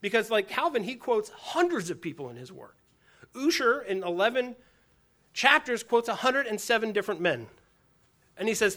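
Guy with a high bright voice teaching church history, animated, acts stuff out. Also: normal speed. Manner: animated, acts out quotes with chuckles. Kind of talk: lively teaching lecture.

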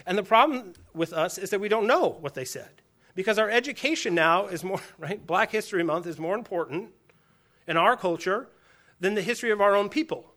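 A man giving a lively teaching lecture on church history, animated and quick to chuckle as he acts out quotes. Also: high-pitched.

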